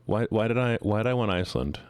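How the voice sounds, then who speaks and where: A man's voice: lowish voice, expressive, fast talker, smooth. A man streaming and chatting casually with his viewers, rambling and joking as he gets sidetracked.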